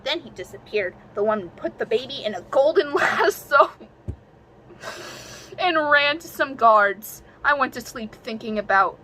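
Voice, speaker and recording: A young woman reads her own childhood story aloud at an unhurried pace, stumbling and restarting, and keeps breaking off for self-mocking, giggly asides. Her voice is bright and sits a little high. A faint noise hangs behind her. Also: animated, rough recording.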